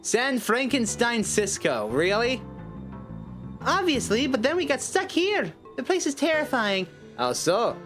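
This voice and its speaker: A man voicing a frightened young hippie woman in a game, talking in a high, anxious, gushing way. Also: sing-song, a little slow, music in the background, heavily acted. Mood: nervous.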